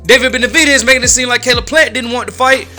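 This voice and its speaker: A man talks through boxing drama in loose, slangy commentary and acts out the quotes as he goes. His voice sits high and bright, with soft music underneath. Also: fairly even intonation, fast talker. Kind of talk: casual commentary.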